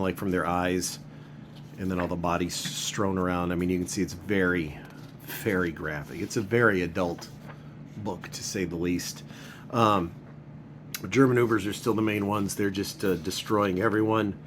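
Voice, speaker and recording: A man's voice: low-pitched, fairly bright tone, a little hiss or hum. A man giving a casual, rambling spoken review of a comic book, padding his talk with filler words.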